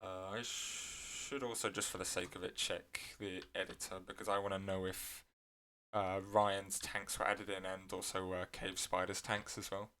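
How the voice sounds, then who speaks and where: A man with a fairly low voice talks through his gameplay in a loose, rambling way, full of fillers and mid-sentence corrections. His voice cracks here and there as he goes. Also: flat delivery, moderate pace, pushed and bright. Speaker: gameplay video creator. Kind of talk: casual gameplay commentary.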